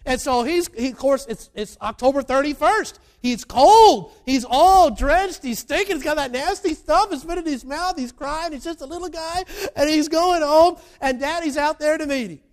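A preacher with a high voice tells a story in a sermon. He builds to loud, emphatic bursts, then drops to quiet, confiding asides. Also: moderate pace, few pauses. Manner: animated, shifts between loud emphatic and quiet.

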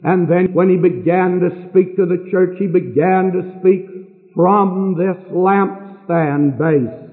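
An older man preaching a sermon from a church pulpit with earnest, emphatic pauses. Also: sits high. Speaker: pastor. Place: church sanctuary. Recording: distant hall on a tinny lo-fi recording.

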